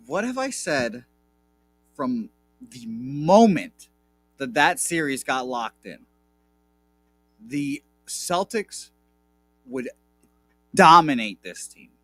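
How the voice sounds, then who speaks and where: A man on a sports betting radio show, talking fast and heated, gloating, swearing and repeating himself. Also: on the high side, very animated, a bit bright.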